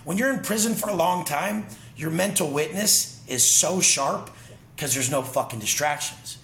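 A man's voice: fairly high pitch, normal speed, fairly bright tone, reverberant, slight background noise. A man talking as an interview guest, intense and profane, telling emphatic stories in casual conversation. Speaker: podcast guest.

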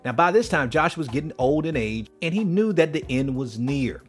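A man's voice: a little high, lively intonation, fairly quick, soft background music. A man hosting a devotional podcast, talking in an earnest, preacherly way with light chuckles. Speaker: podcast host.

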